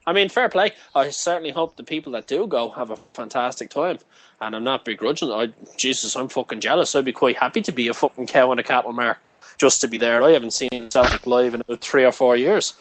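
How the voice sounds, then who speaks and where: A man's voice: mid-range voice, fairly quick, slight background noise, rough recording. A man chatting casually, telling long sweary stories. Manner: sweary, storytelling rambles. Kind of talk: casual chat.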